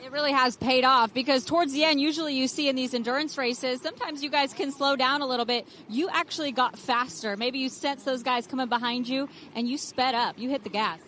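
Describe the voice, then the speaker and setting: A woman's voice: sits high, brisk, few pauses, fairly bright tone, slight background noise. A woman reporting from trackside, interviewing a racer in an upbeat, congratulatory way. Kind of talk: post-race interview. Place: outdoors at a racing venue.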